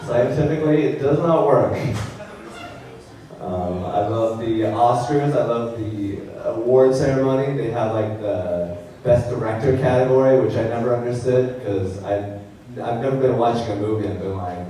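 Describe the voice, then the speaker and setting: A young man works a stand-up set in a deadpan, halting way, dropping fillers between punchlines. His voice is mellow and low-key, caught slightly off the mic. The sound rings out in a very roomy hall. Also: recorded from a distance. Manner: deadpan delivery with filler pauses. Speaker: stand-up comedian. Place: large hall on stage. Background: audience laughter.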